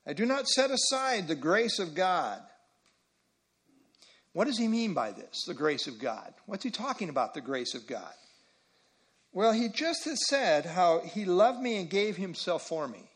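A man's voice: high-pitched, big pitch swings, unhurried, fairly bright tone, husky. A man preaching an expository sermon, reading scripture aloud and explaining it, repeating key phrases with frequent fillers.

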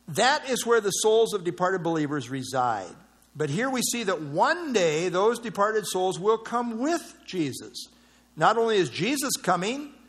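A man's voice: high-pitched, a bit bright. A man teaching a Bible study, reading verses aloud and explaining them in a conversational way, with fillers and restarts.

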